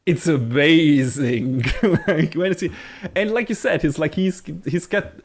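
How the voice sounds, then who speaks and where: A podcast co-host chats casually and with enthusiasm, laughing a lot, swearing freely and filling his speech with fillers and restarts. His voice is fairly high, and he takes his time.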